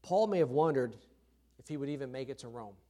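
A man's voice: mid-range voice, animated, brisk, warm tone. A man preaching a sermon from the pulpit in a conversational way, repeating his key phrases. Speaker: pastor. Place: church.

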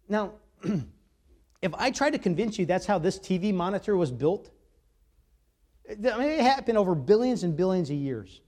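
A man preaching a sermon, reading scripture aloud with emphatic, dramatic swings between loud and soft. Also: sits high, expressive, normal speed. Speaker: pastor.

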